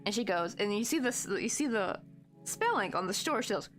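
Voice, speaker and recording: A woman's voice: a little high, animated, a little fast, faint music behind. A woman from the United States hosting a crochet livestream, chatting in a rambling, laughing way and reading viewer comments aloud.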